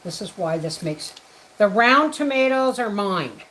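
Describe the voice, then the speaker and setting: A woman's voice: mid-range voice, expressive, measured pace, a bit bright, low-quality recording. A woman hosting a homestead livestream from her kitchen, chatting casually as she cooks and greeting viewers by name. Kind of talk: casual livestream chat while cooking. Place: home kitchen.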